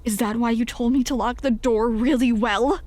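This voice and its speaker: Woman doing alarmed angry dad, sharp questions, shouting, horror story reading. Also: on the high side, steady tone, moderate pace, no echo, close to an everyday voice. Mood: suspicious. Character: protective family man, irritated and alarmed.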